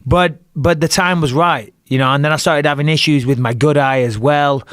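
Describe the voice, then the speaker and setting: A middle-aged man telling a fight story in a casual podcast chat, animated and profane, with frequent restarts. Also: a little high, normal speed, dry recording, clean studio sound. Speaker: guest, retired fighter and commentator.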